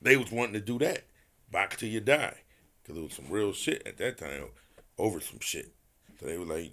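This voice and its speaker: A man, a retired boxer, tells a long story on a casual podcast. His low, gravelly voice rises and falls a lot as he acts out what other people said. The talk is loose and full of swearing. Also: normal speed. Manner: animated storyteller acting out quotes, profane, laughing.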